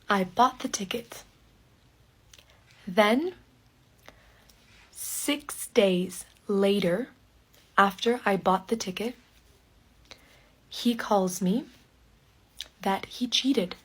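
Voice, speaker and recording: A woman telling a personal story in a slow podcast for learners, in short phrases with pauses and some words whispered. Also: on the high side, slightly rough. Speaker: podcast speaker.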